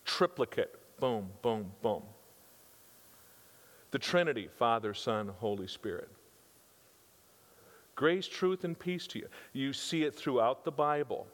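A man's voice: mid-range voice, animated, measured pace, a bit bright. An older man preaching a conversational sermon, with emphatic repetition and rhetorical questions to his congregation. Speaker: pastor. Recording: reverberant hall sound.

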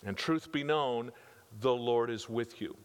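A man's voice: mid-range voice, a little slow, clear, resonant tone. An older man preaching a conversational sermon, with emphatic repetition and rhetorical questions to his congregation. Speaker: pastor. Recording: reverberant hall sound.

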